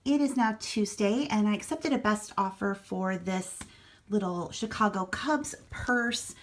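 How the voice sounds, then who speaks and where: A woman's voice: mid-range voice, measured pace. A middle-aged woman from Iowa, talking casually and frankly through her online resale sales at home. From Iowa, USA. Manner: chatty, frank, matter-of-fact about prices. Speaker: online reseller vlogger. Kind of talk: casual vlog narration.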